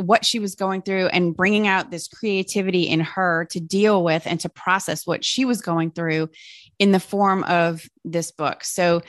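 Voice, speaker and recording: A woman's voice: medium pitch, a bit bright, no room sound. A woman hosting a podcast interview, chatting casually and with enthusiasm. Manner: enthusiastic, affirming. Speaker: podcast host.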